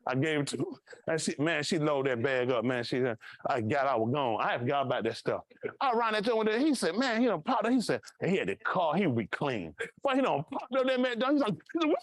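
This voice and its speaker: Man, pastor, high voice, lively storyteller, dry close sound. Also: fairly quick, dry recording. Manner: animated, acts out voices in his stories. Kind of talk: casual storytelling sermon.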